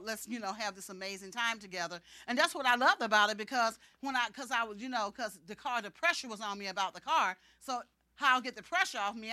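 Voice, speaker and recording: A woman giving an animated faith testimony to a congregation, often laughing and acting out the people in her story. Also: on the high side.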